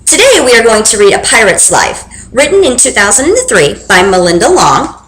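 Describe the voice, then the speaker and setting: A young woman reading a children's book aloud with expressive, animated storytelling. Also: a little high, a little fast. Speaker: reader. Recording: roomy echo.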